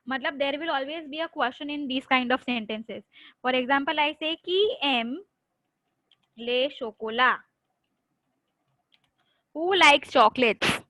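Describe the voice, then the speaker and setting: A woman tutoring French online, mixing English and Hindi, drilling her students with quick questions and repetition. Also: high-pitched, sharp tone, no room sound, low-quality recording.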